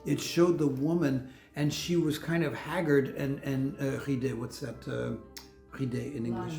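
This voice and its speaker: Older man, pastor, gravelly voice, chatty sermon, roomy echo, faint music. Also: medium pitch, fairly even intonation, moderate pace, a little mellow. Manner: candid, chatty, laughs often, many restarts. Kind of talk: conversational sermon. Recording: echoey room with faint music.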